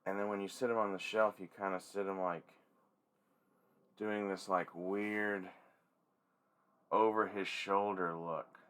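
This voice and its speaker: A man hosting a casual toy-collecting vlog, rambling and swearing freely with excitable energy. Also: sits low, unhurried, pauses often, clear, resonant tone. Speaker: toy collector and channel host.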